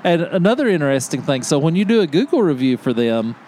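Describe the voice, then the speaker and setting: A man on a podcast telling a hunting story in casual chat, animated and laughing often as he acts out what people said. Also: a little high, fast talker, a little hiss or hum. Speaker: podcast host.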